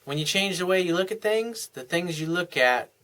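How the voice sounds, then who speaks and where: A man's voice: sits high, lively intonation, moderate pace. A man coaching on relationships in an earnest advice monologue, sometimes acting out what partners say to each other. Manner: earnest, acts out couples' dialogue in softer voices. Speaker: dating and life coach.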